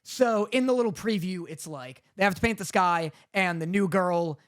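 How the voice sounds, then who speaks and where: A man's voice: high-pitched, moderate pace, smooth. A man co-hosting a podcast, chatting casually and telling stories in a rambling way, acting out what characters say. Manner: rambling storytelling with quoted voices. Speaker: podcast co-host. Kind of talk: casual chat.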